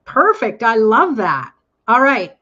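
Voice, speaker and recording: A woman hosting a live tarot stream, reading cards aloud for viewers. She talks slowly and enthusiastically. The audio is slightly muffled, as on an online stream. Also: sits high, a bit bright, husky. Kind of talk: casual live chat. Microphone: online call audio.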